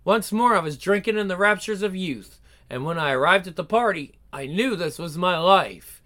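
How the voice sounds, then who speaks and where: A man's voice: high-pitched, animated, normal speed, sharp tone. A man voicing a headstrong young woman who tells her own story with melodramatic flair. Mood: wistful.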